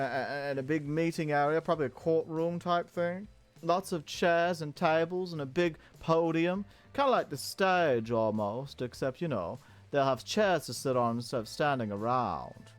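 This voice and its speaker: Man, game host in a mayor persona: pompous and showy, pitch bouncing all over. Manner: pompous, theatrical and self-admiring. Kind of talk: in-character game commentary.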